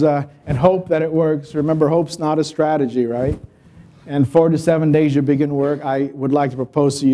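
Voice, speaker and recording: A man speaks at a business conference, his voice set slightly high yet warm and mellow. He keeps it conversational and energetic, telling customer stories with asides to the audience. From United States. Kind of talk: business presentation.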